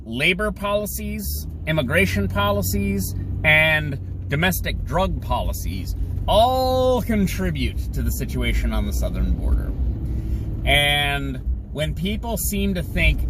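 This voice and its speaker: A man's voice: very animated, measured pace. Sarcastic man ranting from his car. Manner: sarcastic, mocks others in shrill put-on voices. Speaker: podcast host. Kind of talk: opinionated solo commentary while driving. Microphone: phone or camera mounted in the car. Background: faint car and road noise.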